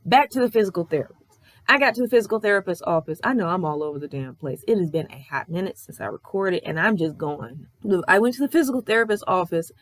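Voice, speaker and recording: Animated, swearing young woman vlogger. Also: fairly low pitch, fast. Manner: animated, profane, exasperated ranting. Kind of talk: casual storytelling vlog.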